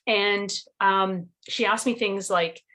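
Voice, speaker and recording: A woman's voice: mid-range voice, fairly even intonation, slow pace, sharp tone. A middle-aged woman, a nutrition coach, telling her story earnestly in an interview over a video call.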